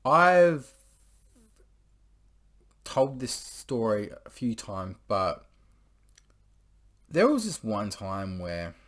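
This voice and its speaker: A young man with a fairly low voice telling a personal story to camera. He rambles in a crude, offhand way, swearing freely and scattering filler words through every sentence. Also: very animated, extremely slow, pauses often. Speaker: vlogger. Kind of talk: casual storytelling monologue.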